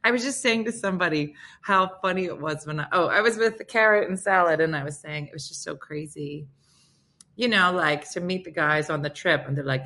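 A chatty woman from New Jersey hosts a casual morning show, rambling from one thought to the next. Her voice is bright and forward, and she laughs easily. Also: on the low side, brisk. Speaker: show host.

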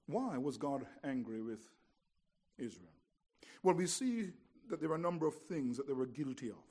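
A man preaching an expository sermon, telling the story with drama and swinging between hushed lines and emphatic ones. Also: mid-range voice, lively intonation, normal speed, slightly rough.

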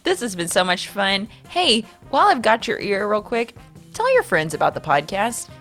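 A woman's voice: medium pitch, big pitch swings, a bit bright, faint music behind. A young woman hosting a podcast, upbeat and friendly as she wraps up the show. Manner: upbeat, friendly, brisk sign-off. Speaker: podcast host. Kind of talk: casual chat and show outro.

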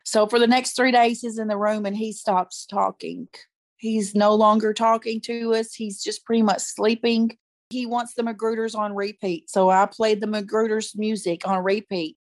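A woman's voice: mid-range voice, normal speed, no echo, studio quality. A woman guest in an interview, telling a personal story candidly and acting out what people said. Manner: candid, animated retelling that acts out quoted speech.

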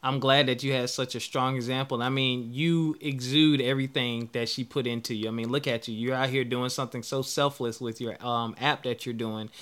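A man hosts a relaxed interview podcast, his voice bright and forceful. He talks in an upbeat, encouraging way and keeps affirming his guest. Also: mid-range voice, fairly quick, few pauses, clear, resonant tone. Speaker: podcast host. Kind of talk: casual interview conversation.

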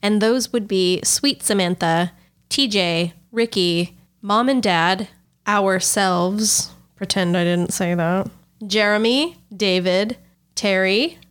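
A woman co-hosting a podcast in casual chat, chatty and quick to laugh. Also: mid-range voice, clean tone. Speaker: podcast co-host.

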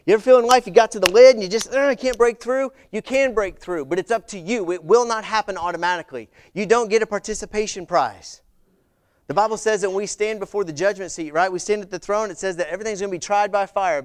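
A middle-aged man preaching a sermon, telling stories in an animated way and acting out the voices of people he quotes. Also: high-pitched, fast, smooth. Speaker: visiting pastor.

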